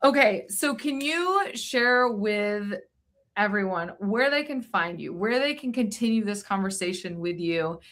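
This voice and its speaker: A woman's voice: mid-range voice, expressive, measured pace, a bit bright. A woman hosting a podcast interview, enthusiastic and affirming, sharing her own experiences. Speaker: podcast host. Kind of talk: casual interview chat.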